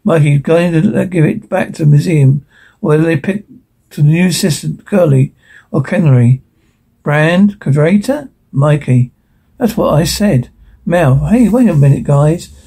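Reading a script unrehearsed, a man voices every part and each stage direction in one unchanging voice, tripping over words and starting again. His voice is a little high, gravelly, dark and slightly rough, and he takes his time.

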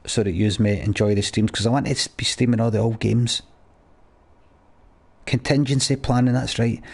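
A man's voice: fairly low pitch, vocal fry, darkish tone, breathy edge. A man streaming a video game, thanking donors one by one with crude, sweary banter. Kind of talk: casual live-stream chat.

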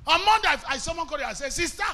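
A Nigerian man preaching a fiery sermon in a very high, piercing voice. He talks in a sharp, forceful tone and often breaks into shouts. Some Pidgin phrases are woven into his English. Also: lively intonation, rapid-fire. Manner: impassioned preaching, bursts into shouts, mixes in Pidgin. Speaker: evangelist.

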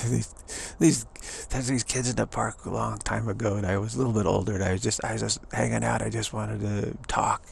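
A man's voice: on the low side, fairly even intonation, fairly quick, a little hiss or hum. A middle-aged man giving a rambling, enthusiastic pep talk, repeating himself and chuckling often. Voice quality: gravelly. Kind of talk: rambling motivational monologue.

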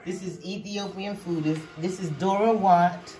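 A woman at home explains each dish she has cooked, naming them one after another. Her voice is low and mellow. She speaks in an easy, conversational way. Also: fairly even intonation, a little slow, soft background music. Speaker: aunt serving a home-cooked meal.

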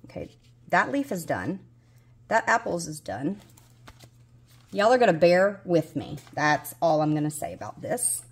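Here the Southern US budgeting vlogger, a woman in her forties, sounds lowish and sing-song, a little slow, with long pauses and a breathy edge. She talks casually to herself while playing a budgeting game. She's mildly exasperated as she looks for pieces.

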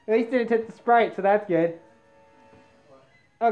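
A woman doing a comic sketch rant, exasperated and yelling "no" over and over. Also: a little high, a little slow, pauses often, faint music behind. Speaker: comedy video maker.

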